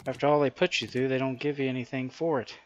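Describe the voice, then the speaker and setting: A man in a mid-pitched voice plays through a co-op survival game with friends. He chats casually, drops wry asides and chuckles often. A faint hiss sits under his voice. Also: fairly even intonation, quick pace, dull audio. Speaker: gaming channel host. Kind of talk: casual co-op gameplay chat.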